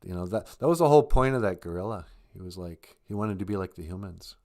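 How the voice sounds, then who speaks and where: A man in his fifties chats on a live stream, retelling a story in a rambling, animated way. He laughs often, and his voice sits slightly low. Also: fast. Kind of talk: casual chat, storytelling.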